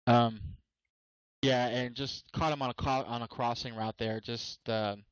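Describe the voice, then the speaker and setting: A man's voice: mid-range voice, steady tone, measured pace, smooth, no echo. Laid back guy breaking down a football game, lots of um and you know, kinda dull dry audio. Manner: easygoing, hedging with fillers. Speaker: color commentator. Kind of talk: casual game analysis.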